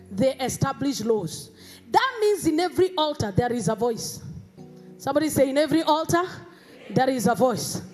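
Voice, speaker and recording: Kenyan woman pastor, high voice, emphatic sermon, faint music behind. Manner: emphatic preaching, rising to shouts. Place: church.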